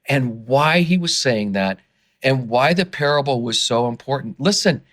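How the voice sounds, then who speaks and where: A man's voice: mid-range voice, normal speed. A man speaking as a guest in a podcast interview, passionate and getting worked up, earnest, with many restarts and repeated words. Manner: passionate, gets worked up and excited. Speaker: interview guest, fundraising consultant.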